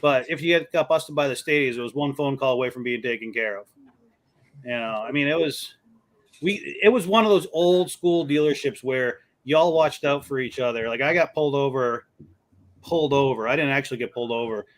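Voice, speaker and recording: A man telling lively stories in a casual chat and acting out the people in them. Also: mid-range voice, brisk. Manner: animated storyteller, acts out quoted voices. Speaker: co-host.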